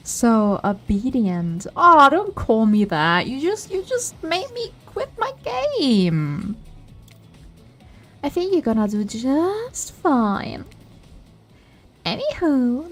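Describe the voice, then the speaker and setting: A woman VTuber streamer giving excitable, playful commentary while playing a dating game. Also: fairly high pitch. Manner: excitable, playful, gasps and laughs. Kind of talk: casual gaming commentary.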